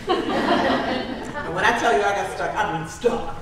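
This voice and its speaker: A woman's voice: medium pitch, takes it slowly, a crowd in the background. A woman giving a humorous motivational talk to a live audience, telling stories with self-deprecating humor and frequent laughs. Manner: animated storytelling, self-deprecating, laughs often. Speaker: keynote speaker. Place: large conference room with live audience. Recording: very echoey room, distant mic, ambient noise.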